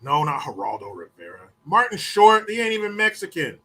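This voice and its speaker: Guy rambling and cussing on his podcast, kinda high voice, really bright and forceful. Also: sing-song, slightly rough. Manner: rambling, swears often, puts on quick mocking voices. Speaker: podcast host. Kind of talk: profane casual storytelling.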